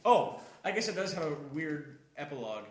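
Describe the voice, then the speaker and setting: A man's voice: on the high side, very animated, fairly quick, over a noisy crowd. A young man telling a story casually to friends on a podcast, laughing often as he goes. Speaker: podcast co-host. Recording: echoey room.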